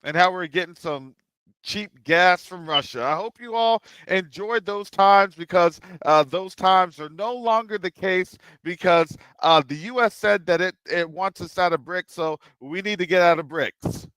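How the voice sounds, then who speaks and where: Guy doing a sing-song sarcastic official voice, bright and clean. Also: high voice, a little slow, clear, resonant tone, no echo, pitched above the performer's own voice. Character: mocking male official giving in, sarcastic and chirpy.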